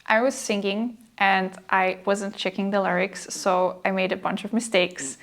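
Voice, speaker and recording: Woman, vlog narration, casual, chatty, giggly, mid-range pitch. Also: gravelly, fairly bright tone. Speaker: music producer vlogger.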